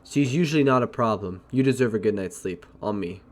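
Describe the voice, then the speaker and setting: A man's voice: on the low side, brisk, darkish tone, natural voice. A man reading a businesslike female innkeeper. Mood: grateful.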